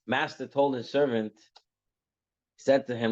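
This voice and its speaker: A man's voice: mid-range voice, fairly even intonation, measured pace, pauses often. A man teaching a religious class, telling stories in a conversational way that often checks in with "right?". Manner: conversational, repeats phrases, asks "right?". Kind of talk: Torah class with storytelling. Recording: muffled lo-fi recording.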